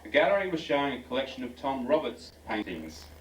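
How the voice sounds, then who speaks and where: A man's voice: mid-range voice, very animated, a little fast. Man reading a comic story, amused, at a farewell function, distant mic, noisy crowd. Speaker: speaker at a school farewell. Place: function room aboard a ferry. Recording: echoey, distant, noisy venue.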